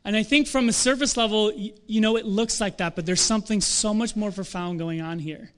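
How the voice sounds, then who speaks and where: A young adult man preaching a sermon in a conversational, animated way, with self-deprecating asides. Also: high voice, fairly quick. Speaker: pastor.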